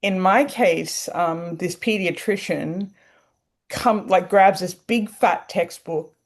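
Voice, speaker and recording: Woman, podcast co-host, lower pitch, chatty and rambling. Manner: chatty, drawn-out anecdotes with many fillers. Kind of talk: casual group chat.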